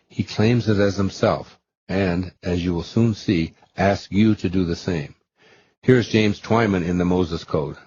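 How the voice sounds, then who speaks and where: A man narrating a spiritual self-help book aloud in a slow, measured, reverent way. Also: low voice, darkish tone, dull audio, slight background noise. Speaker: audiobook reader.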